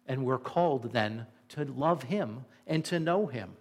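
A man's voice: mid-range voice, lively intonation, a little slow, darkish tone. A man preaching a sermon, earnest and emphatic, asking the listeners rhetorical questions. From Indiana. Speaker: pastor.

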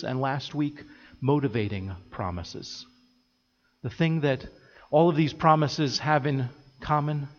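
A man preaching a sermon as pastor, earnest and steady, building his points through repeated phrases. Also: medium pitch, long reverb tail, highs cut off. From United States. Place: church sanctuary.

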